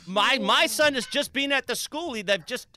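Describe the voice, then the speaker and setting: A radio host making a prank phone call in a calm, provoking way, playing innocent. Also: male voice, very high voice, moderate pace, no room sound.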